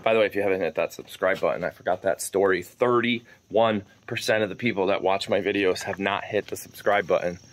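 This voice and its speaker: A man with a fairly low voice chats easily to his viewers as he walks outdoors around his farm. He rambles from topic to topic in a relaxed, unscripted way. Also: fairly quick, few pauses. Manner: chatty, easygoing, calls out to a wandering dog. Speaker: farm vlogger. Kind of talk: casual rambling chat.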